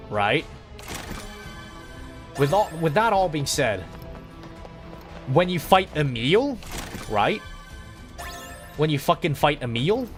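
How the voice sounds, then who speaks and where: A man streaming a game, talking in a rambling, excitable way and swearing freely as he chats. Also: on the high side. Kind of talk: casual gaming livestream chat.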